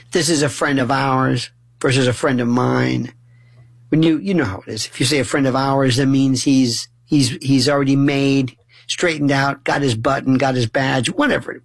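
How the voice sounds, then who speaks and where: Male talk host, husky and gravelly, emphatic and rambling, keeps restarting phrases. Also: mid-range voice, no room sound. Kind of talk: casual monologue.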